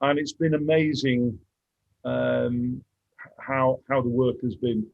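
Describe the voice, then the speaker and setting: A man's voice: medium pitch, fairly even intonation, takes it slowly, creaky, no room sound, phone-quality sound. A man in his sixties, a mission dentist, telling his story candidly and reflectively, sometimes moved. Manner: candid, reflective, getting emotional at times. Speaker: guest speaker, mission dentist. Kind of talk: casual storytelling on a video call.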